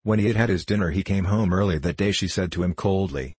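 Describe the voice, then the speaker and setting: A male audiobook narrator reading a novel in a steady, measured way. His voice is low and a little husky, and the recording is dry and close, with no room sound. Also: no room sound.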